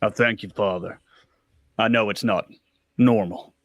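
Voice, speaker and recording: A man's voice: lowish voice, steady tone, a little slow, no echo, dull audio, pitched below the performer's own voice. Man playing a sly gambler feigning piety. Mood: grateful. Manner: theatrical, mock-sorrowful pleading.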